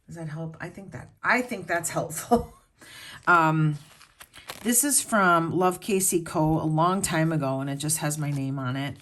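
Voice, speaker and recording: Low-voiced middle-aged woman chatting casually. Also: unhurried, a bit bright, slight background noise. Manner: rambling, talks straight to viewers. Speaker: planner vlogger. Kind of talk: casual chat.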